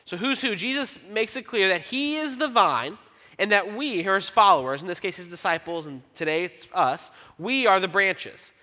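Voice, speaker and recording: A man preaching a sermon as pastor, conversational and self-deprecating, reading scripture slowly. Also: high-pitched, lively intonation, bright, forceful tone. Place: church auditorium. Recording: long church hall reverb.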